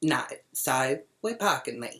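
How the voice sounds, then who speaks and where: Someone putting on a brash, swearing Australian grandma who rambles through her grievances in a mid-pitched, rough-edged voice. She is loud and blunt, a comic vlog character with no filter. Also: animated, a little slow. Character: crass middle-aged Australian grandmother, brash and foul-mouthed. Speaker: vlogger.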